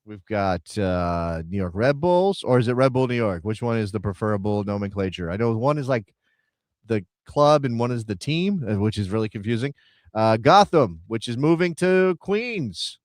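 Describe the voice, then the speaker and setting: A man's voice: lowish voice, lively intonation, moderate pace, no room sound, clean studio sound. A man co-hosting a casual soccer live stream, chatty and rambling as he reads out viewer names. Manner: rambling, chatty, thinks aloud while reading chat names. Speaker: soccer show co-host.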